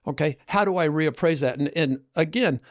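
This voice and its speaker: A man's voice: a little high, brisk. A man in his sixties, hosting a casual chat and earnestly telling stories with many restarts. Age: 60s. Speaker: host, coach.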